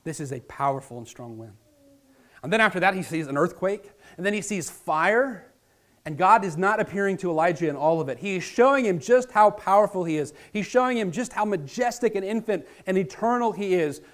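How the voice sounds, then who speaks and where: A man preaching a sermon as pastor, earnest and dramatic, talking straight to his listeners and swinging between loud emphasis and hushed near-whispers. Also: high-pitched, expressive, brisk. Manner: earnest, direct address to listeners.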